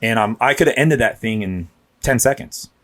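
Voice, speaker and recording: A man's voice: on the low side, normal speed, a bit bright. A man in his thirties, a police officer, telling rambling stories in casual podcast chat. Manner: rambling, restarts, acts out quotes. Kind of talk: casual storytelling.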